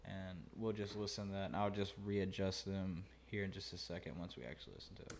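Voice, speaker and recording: A man's voice: sits low, steady tone, fairly quick, gravelly, a loud crowd. A man hosting a mixing tutorial, talking casually and thinking aloud with many fillers. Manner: laid-back, thinking aloud with many ums and uhs. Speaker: mixing engineer and channel host.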